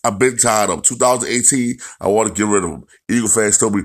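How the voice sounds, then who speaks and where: A man's voice: mid-range voice, fast talker, few pauses. A man ranting bluntly and profanely about football, repeating himself as he goes. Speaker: football commentator. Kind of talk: profane sports rant.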